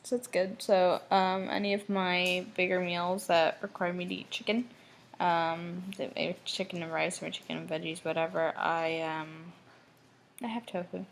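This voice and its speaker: Gravelly-voiced young woman vlogging. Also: lowish voice, little pitch movement, normal speed, a little hiss or hum, low-quality recording. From Michigan, USA. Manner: emotional, rambling, restarts often. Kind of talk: personal video diary.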